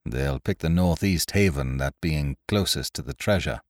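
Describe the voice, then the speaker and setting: A man reading the part of a cool-headed pirate captain who gives brisk orders, in a storybook reading. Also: mid-range voice, sing-song, no echo, clean studio sound.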